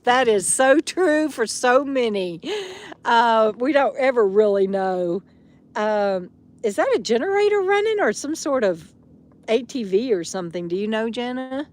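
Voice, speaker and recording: Woman, higher-pitched, casual live-chat host outdoors, reading comments with lots of fillers. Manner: chatty, reads viewer comments aloud with fillers. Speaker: vlogger answering live chat.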